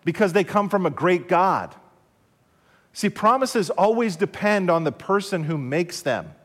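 A man preaching a broadcast sermon in a measured way, repeating key phrases and asking rhetorical questions. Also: sits high, expressive, in a large hall. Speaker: pastor.

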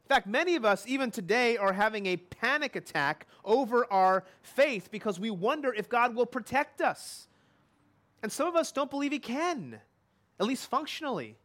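Guy preaching, high voice, chatty and keeps asking the congregation stuff. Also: animated, moderate pace, a bit bright. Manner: conversational, asks the listeners questions. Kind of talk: sermon.

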